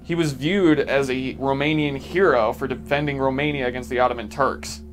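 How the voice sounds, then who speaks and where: A man's voice: mid-range voice, steady tone, moderate pace, soft background music. A man narrating a history vlog, joking and irreverent between facts. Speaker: video essay host.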